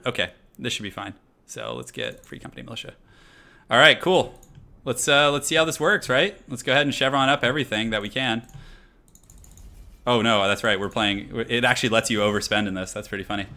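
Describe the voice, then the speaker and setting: A man streaming a strategy game, talking easily through his choices and breaking into quick laughs. His tone is bright and a little forceful, in a mid-range voice. He keeps it loose and conversational throughout. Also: mid-range voice. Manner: chatty, thinks aloud, laughs often. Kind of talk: casual live-stream commentary.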